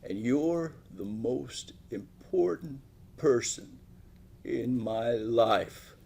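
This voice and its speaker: A frail and kindly old man, put on by a man telling a story, speaks very slowly and softly. Each word comes out deliberate and low, in a voice quieter than the storyteller's own. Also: creaky, husky, heavily acted. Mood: tender. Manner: very slow, soft and deliberate.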